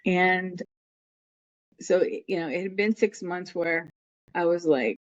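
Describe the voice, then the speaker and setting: A woman's voice: fairly low pitch, takes it slowly, pauses often. Middle-aged woman rambling through a personal story, dull muffled sound, dry with no room echo. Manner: rambling, acts out quoted people in her story. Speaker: podcast guest.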